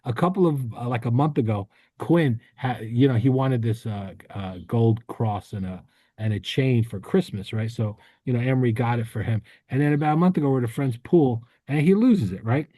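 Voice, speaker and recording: A man co-hosting a podcast, telling a rambling story in casual chat with many restarts and quick laughs. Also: mid-range voice, mellow, no echo. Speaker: podcast co-host.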